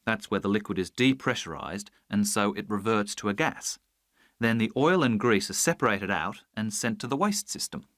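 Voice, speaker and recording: A man's voice: on the low side, animated, normal speed, fairly bright tone, no room sound. An earnest young design student in a scripted listening test, explaining his idea step by step. The recording is dry and close.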